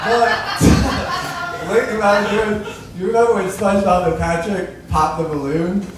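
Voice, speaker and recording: A man's voice: high voice, fairly even intonation, measured pace, a loud crowd, heavy background noise. A man doing rambling stand-up storytelling who keeps laughing through his own lines. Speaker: stand-up comedian. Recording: echoey room from a distant mic.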